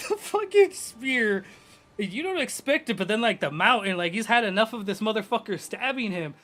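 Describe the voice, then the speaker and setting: A young man, a game streamer, rambling in excitable, profane casual chat at his home gaming setup on a desk microphone. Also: sits high.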